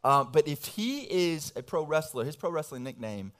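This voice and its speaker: A young man, a pastor, giving a casual, animated sermon full of slang and family stories. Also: fairly high pitch, normal speed.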